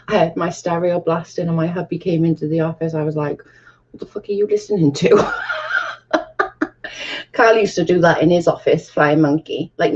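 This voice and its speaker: A woman's voice: on the low side, darkish tone, husky. A woman hosting a casual live stream, chatting with viewers and laughing often. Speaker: livestream host. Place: at home, camera off. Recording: dull lo-fi stream audio.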